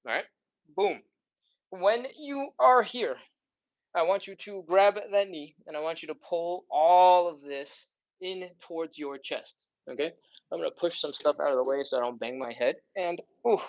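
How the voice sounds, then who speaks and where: A man's voice: on the high side, highs cut off. A man leading a live follow-along stretching workout, counting down holds and sighing between counts while he stretches and catches his breath. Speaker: stretching instructor.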